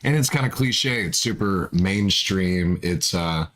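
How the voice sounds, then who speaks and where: A man's voice: low voice, animated, unhurried, a bit bright. A man from Arkansas, a guest musician on a casual livestream, telling rambling jokey stories. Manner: rambling jokey storytelling, many restarts.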